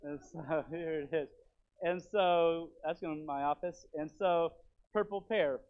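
A man preaching a sermon as pastor in his church, rambling and repeating himself with animated stops and starts. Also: a little high, a little slow, clean tone. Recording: tinny phone-like sound.

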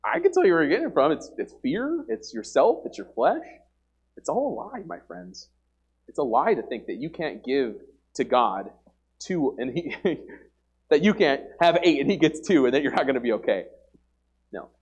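A man's voice: fairly high pitch, big pitch swings, normal speed, darkish tone, slightly rough. A young man preaching an informal sermon to a church congregation, earnest and emphatic, often repeating himself and using "like" as a filler. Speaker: lay preacher. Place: church service before a congregation.

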